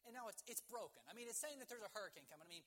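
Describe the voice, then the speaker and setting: A fed-up grown man ranting in disbelief at a gadget he thinks is broken, as a preacher acts him out. His voice goes up and gets louder with exasperation, still close to a plain speaking voice. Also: high voice, lively intonation, rapid-fire, voice pushed up. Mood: exasperated. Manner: exasperated, raised voice.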